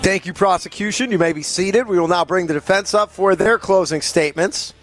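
Male sports radio host, mock-formal judge voice, high-ish, music bed. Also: a little fast, fairly bright tone. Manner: stern mock-formal, exasperated.

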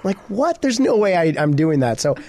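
A young man co-hosting a casual chat, animated and playfully teasing. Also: high voice, fairly quick, noisy background. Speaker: podcast co-host.

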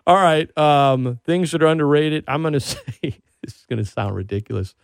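A man hosting a radio show, chatting casually and telling stories with animated excitement. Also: on the high side, a little slow, vocal fry, dry recording, studio quality. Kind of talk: casual chat.

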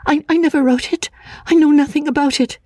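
A woman voicing a timid, fragile young woman haunted by grief, speaking in a breathless, hushed voice that slips into whispers. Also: a little high, measured pace, husky, dry recording. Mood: frightened. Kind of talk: audiobook drama acting.

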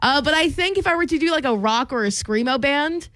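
A woman's voice: high-pitched, animated, a little fast, a bit bright, no echo. A woman co-hosting a country radio morning show, reading entertainment news and joking around. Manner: playful, jokey.

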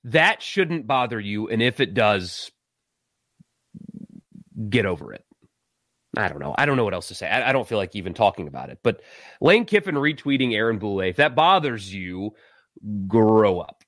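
A man from South Carolina, hosting a casual live sports talk stream, animated and exasperated. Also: lowish voice, moderate pace, pauses often, no room sound, studio quality. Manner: animated, exasperated, laughs and sighs.

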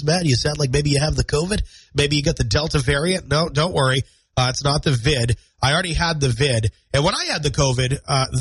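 A man's voice: fairly high pitch, fairly bright tone, breathy edge, no echo, rough recording. A man in his thirties hosting a morning radio show alone, nasal and congested from a cold, chatty and self-deprecating. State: stuffy nose and scratchy throat from a cold. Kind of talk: solo morning radio talk. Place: radio studio. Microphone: studio microphone.

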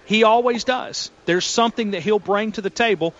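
Chatty reporter on a dull phone-in line. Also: male voice, high voice, moderate pace, fairly bright tone. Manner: chatty, rambling with restarts. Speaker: reporter calling in.

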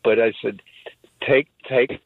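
Gravelly man on a tinny phone line. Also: medium pitch, fairly even intonation, no echo. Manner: halting, many restarts. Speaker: caller. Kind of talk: phone-in reminiscing.

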